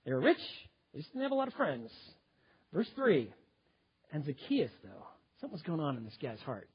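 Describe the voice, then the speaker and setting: A slightly high, husky male voice delivers a sermon, climbing to loud emphasis and dropping to near-hushed intensity. The recording sounds muffled and lo-fi. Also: wildly swooping pitch, fairly quick. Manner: dynamic preaching, swings between loud emphasis and quiet intensity. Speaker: pastor.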